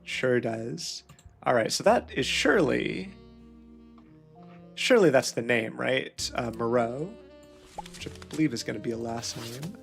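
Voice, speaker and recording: A man's voice: mid-range voice, animated, unhurried, vocal fry, long pauses, faint music behind. A man playing a detective puzzle game, thinking aloud and muttering questions to himself as he works through the clues. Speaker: let's play host.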